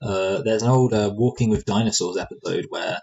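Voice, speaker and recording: A man with a low, husky voice talks through a film in a relaxed podcast chat. He wanders off on tangents, cracks dry jokes and restarts his sentences often. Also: fairly quick, lo-fi sound. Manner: rambling, joking, many fillers and restarts. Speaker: movie review podcast co-host. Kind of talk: casual conversational review.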